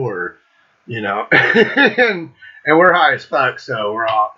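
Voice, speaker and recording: A middle-aged man hosting his own show tells a loose, rambling concert story full of swearing and laughter. His medium-pitched voice is very animated, pushed and bright, slightly rough, at normal speed, and the sound is lo-fi.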